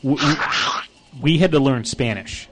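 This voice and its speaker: A man with a mid-pitched voice hosts a relaxed gaming session with friends. He drops dry, bemused asides about what his friends are saying. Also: moderate pace, music in the background. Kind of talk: casual gaming banter.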